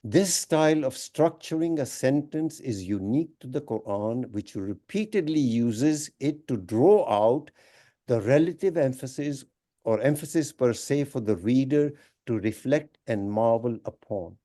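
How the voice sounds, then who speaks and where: A man teaching a Quran study class at an Islamic center, explaining the grammar of the Arabic verses in a measured, deliberate lecture with emphatic phrases. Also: mid-range voice, lively intonation, dark tone.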